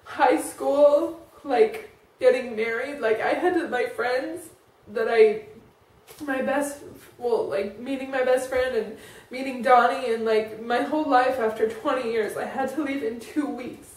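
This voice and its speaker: A woman's voice: high voice, a little slow. A woman in her thirties telling a personal story to camera in a rambling way, full of "like" and restarts. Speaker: vlogger. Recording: roomy, distant from the mic.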